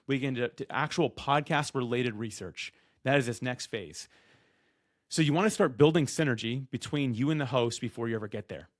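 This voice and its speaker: A man who talks loud and fast, coaching people on being podcast guests in an energetic, direct-to-camera way, often acting out what guests and hosts say. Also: mid-range voice, dry recording, clean studio sound.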